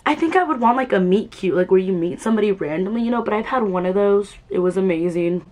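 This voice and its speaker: A woman's voice: mid-range voice, lively intonation, fast talker, few pauses, a little mellow. A young adult woman chatting casually while doing her makeup, rambling and filling her talk with "like". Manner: chatty, rambling, full of "like" fillers. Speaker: beauty vlogger.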